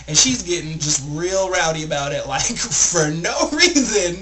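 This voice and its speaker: A young man vlogging a rambling, animated story, packed with filler words. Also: fairly high pitch, measured pace, few pauses, noisy background. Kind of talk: casual storytelling vlog.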